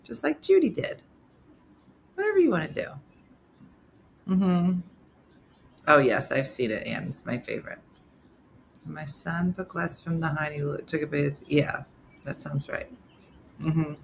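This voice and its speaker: A woman's voice: low-pitched, a little slow, gravelly, long pauses, slight background noise. A middle-aged woman hosting a casual live morning show, chatting with viewers and acting out the people in her stories. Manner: animated storyteller, acts out quotes. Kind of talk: casual chat reading viewer comments.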